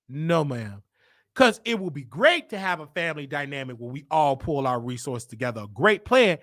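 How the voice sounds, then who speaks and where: Hosting his own show, this Chicago man tells a personal story in a relaxed yet emphatic manner, repeating lines for impact. He sounds very animated and a bit bright, with a fairly high pitch and normal speed, in a dry, clean studio recording.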